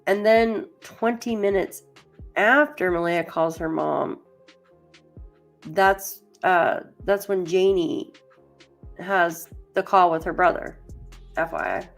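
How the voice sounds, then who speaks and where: Woman, true crime livestream host, somewhat low voice, rambling and chatty, lots of "like", talks to her chat. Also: slow pace, creaky, long pauses, soft background music. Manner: chatty and rambling, heavy use of "like"; addresses chat viewers by name. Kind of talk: casual livestream commentary reading case documents.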